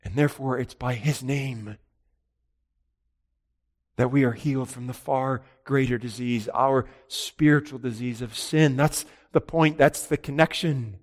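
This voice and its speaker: A man preaching an expository sermon, reading scripture aloud and explaining it, rising to emphatic peaks and dropping low. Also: unhurried. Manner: rises to emphatic peaks and drops to quiet; reads scripture in old-style wording, then explains.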